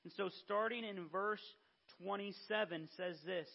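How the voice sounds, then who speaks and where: A man's voice: high-pitched, a little slow, creaky, muffled recording. A man preaching a conversational sermon, acting out Bible figures in everyday speech.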